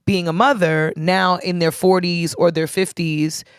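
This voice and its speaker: A woman's voice: fairly low pitch, little pitch movement, measured pace, clear, resonant tone, no room sound, clean studio sound. A woman co-hosting a podcast, talking earnestly and repeating words as she builds her point. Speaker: podcast co-host. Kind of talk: casual chat, earnest advice.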